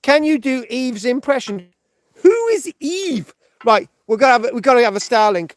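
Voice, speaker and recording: Rambling bloke on a live stream, high voice, swears loads, dry close sound. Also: male voice, a little fast, dry recording. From United Kingdom. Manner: rambling, heavy swearing, frequent restarts and "right?". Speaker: livestream host.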